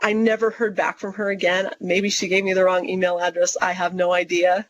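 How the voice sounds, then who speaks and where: A woman's voice: lowish voice, fairly quick. A woman guest on an interview show, telling a story with animation and acting out what she and others said. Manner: animated, quotes herself and others in lively voices. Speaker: guest author. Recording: dull lo-fi recording.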